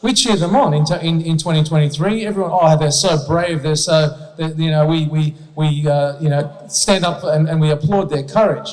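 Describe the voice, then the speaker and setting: A man's voice: a little high, fairly quick, hardly any pauses, a little mellow. A man giving an emphatic, rhetorical public speech with slides to an audience at an event, often checking in with "okay?". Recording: long hall reverb.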